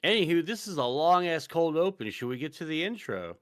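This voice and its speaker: Profane rambling podcast host, dry sound. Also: male voice, on the high side, big pitch swings, fairly quick, no echo. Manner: profane, rambling, full of fillers. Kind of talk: casual chat.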